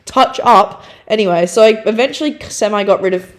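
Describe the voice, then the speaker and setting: A young adult woman co-hosting a casual chat, telling a story in a chatty, animated way with lots of fillers. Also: medium pitch, fast talker, few pauses. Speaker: podcast co-host.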